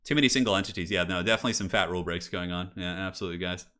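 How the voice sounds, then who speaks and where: A man's voice: deep voice, rapid-fire, pushed and bright. A man casually commentating a chess match on a live stream, chatty and jokey, answering chat and swearing now and then. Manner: loose fillers, swears casually.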